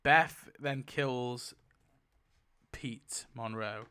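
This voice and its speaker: A man giving casual, excitable commentary while spinning a wheel, laughing often and mumbling lists to himself. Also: medium pitch, extremely slow, slight background noise. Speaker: YouTuber.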